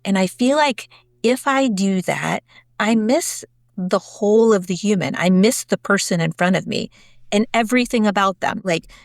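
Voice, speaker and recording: A woman's voice: mid-range voice, moderate pace, vocal fry, no room sound, clean studio sound. Chatty woman guest telling a story. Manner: chatty, animated, lots of "like" and "sort of". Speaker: podcast guest, HR executive. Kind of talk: conversational storytelling.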